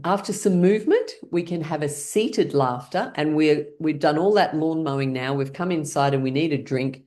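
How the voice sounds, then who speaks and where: A woman leading a guided laughter exercise class over a video call, encouraging everyone and breaking into deliberate laughs. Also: deep voice, expressive, a little mellow. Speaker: laughter yoga leader.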